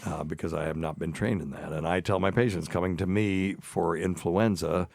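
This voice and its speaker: A man's voice: deep voice, moderate pace, gravelly, darkish tone, no echo. A man in his sixties, a doctor hosting a podcast, talking in a casual rambling way, with a Southern accent that is mostly neutralized. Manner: rambling storyteller, self-deprecating. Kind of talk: casual chat.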